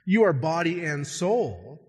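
A man's voice: fairly high pitch, husky. Man preaching in an echoey hall. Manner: animated preaching, swinging between slow stressed words and quick asides. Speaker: pastor. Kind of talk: sermon.

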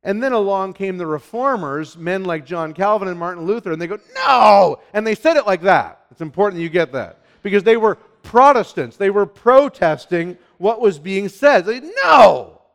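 A man preaching a sermon as pastor, emphatic, swinging from hushed lines to loud, urgent ones. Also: high voice, expressive, moderate pace, few pauses.

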